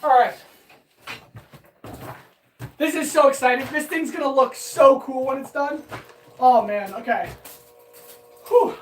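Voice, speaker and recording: A woman's voice: sits high, slow pace, long pauses, soft background music. A woman blacksmith chatting casually on a live stream while she forges, upbeat and greeting viewers, out of breath from hammering. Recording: distant mic with loud forge noise.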